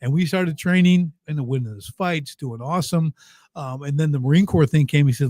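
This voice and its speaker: A man in his fifties, a podcast guest telling family stories in a lively, emphatic way that turns emotional at moments. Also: fairly high pitch, brisk, no echo, clean studio sound. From United States. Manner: lively, emphatic storyteller who gets choked up. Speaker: podcast guest, business coach. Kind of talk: casual storytelling in an interview.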